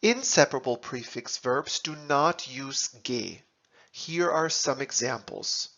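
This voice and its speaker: Very slow, gravelly man teaching. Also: fairly high pitch, lively intonation, fairly bright tone. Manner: deliberate, spells out German words and translations. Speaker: language teacher. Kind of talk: scripted lesson narration. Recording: dull lo-fi recording.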